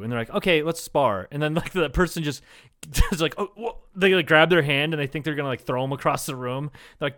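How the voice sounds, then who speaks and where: A man's voice: medium pitch, brisk, fairly bright tone. A man co-hosting a casual comedy podcast, telling crude, profane stories and laughing often. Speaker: podcast co-host.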